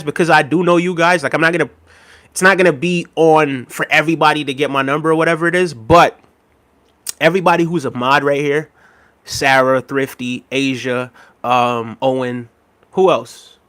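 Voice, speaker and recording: A man's voice: a little high, moderate pace, a bit bright. A man streaming live in a casual chat, rambling, laughing often and talking straight to his viewers. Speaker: livestreamer. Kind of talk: casual livestream chat, reading out chat.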